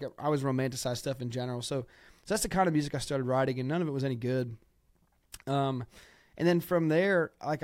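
A man's voice: medium pitch, darkish tone, no room sound, studio quality. A man, a musician guest telling rambling stories in casual chat, full of "like" and "you know.". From Ohio. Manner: rambling storyteller, heavy use of "like".

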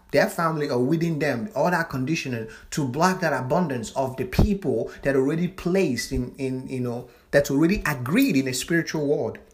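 Male channel host, casual spiritual monologue, emphatic and profane, free-flowing speech with restarts. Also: medium pitch. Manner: fluid non-standard grammar with frequent restarts.

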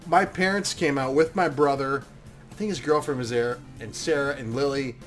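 A man in a relaxed, profanity-laced conversation, telling stories with lively energy and loud bursts when he acts out his past self. His voice sits in a middle range, and faint music plays under the talk. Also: mid-range voice, moderate pace. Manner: animated, swearing, acts out his own past talk loudly. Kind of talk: casual storytelling chat.

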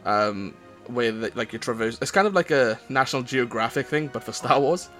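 A man's voice: mid-range voice, lively intonation, moderate pace, a bit bright, soft background music. A man with a Welsh accent co-hosting a casual podcast on a headset mic, rambling with lots of fillers and restarts. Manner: rambling, hesitant, many fillers. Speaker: podcast co-host.

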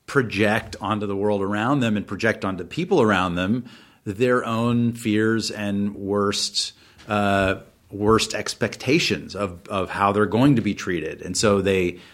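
Low-voiced, reflective man in conversation. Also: unhurried, fairly bright tone. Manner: reflective, searching for words. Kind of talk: casual podcast chat.

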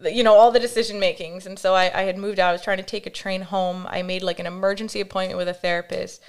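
A young adult woman, a podcast guest, telling a candid personal story in a casual, animated way, with many fillers and quoted voices acted out. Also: mid-range voice, quick pace.

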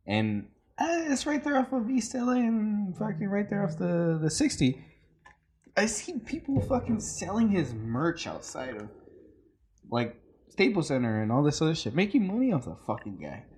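A man's voice: on the high side, sing-song, moderate pace, darkish tone, a little hiss or hum. A man co-hosting a casual podcast, rambling, swearing and full of fillers. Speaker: podcast co-host.

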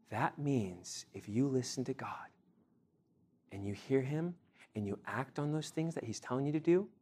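A young man teaching a sermon to a group, animated, acting out everyday scenes and quizzing his listeners. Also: on the low side. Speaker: youth teacher.

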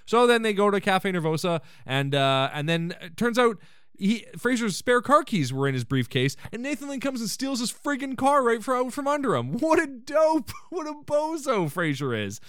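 A man hosting a podcast, casually recapping an episode in a joking, animated way with the odd swear and laugh. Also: high voice, normal speed, smooth, no room sound, studio quality. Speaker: podcast host.

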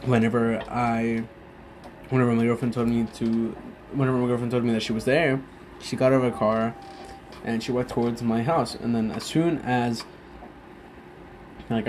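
A drunk young man talking in a casual, rambling monologue, halting often, losing his thread and swearing freely. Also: medium pitch, a little mellow, a little hiss or hum.

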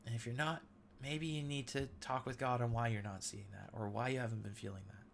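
A man's voice: mid-range voice, fairly even intonation, fairly quick, vocal fry, a bit bright, a little hiss or hum. A man in his thirties hosting a devotional talk, sharing an earnest, emotional testimony. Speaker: podcast host.

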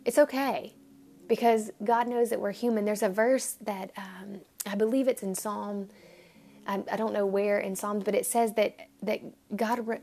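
A woman's voice: a little high, steady tone, unhurried, dark tone. A woman giving an informal devotional talk to listeners, earnest and rambling, with frequent restarts, at times dropping to a near whisper. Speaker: devotional podcast speaker.

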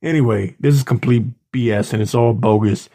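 Man, podcast host, angry rant, mellow tone, raspy edge. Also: mid-range voice, a little fast. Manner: angry, indignant, mocking. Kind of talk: ranting commentary. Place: works in Washington DC area.

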